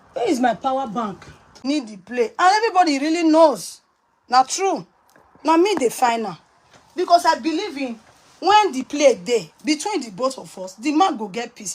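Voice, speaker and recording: A woman's voice: sits high, husky, low-quality recording. A woman with a Nigerian accent talking on a phone live video, emphatic and repetitive, mixing Pidgin and English. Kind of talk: angry live-stream rant.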